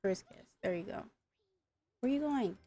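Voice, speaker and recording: A gaming YouTuber provides casual gameplay commentary, exasperated and talking back to the characters on screen. Her medium-pitched voice is animated and warm, at normal speed.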